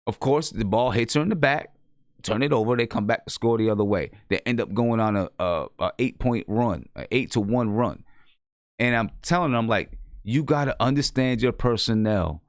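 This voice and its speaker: A man hosting a sports talk show, telling a coaching story in a casual, animated way and acting out quoted lines. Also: mid-range voice, moderate pace, dry recording, clean studio sound. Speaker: show host and girls' basketball coach. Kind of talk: casual chat.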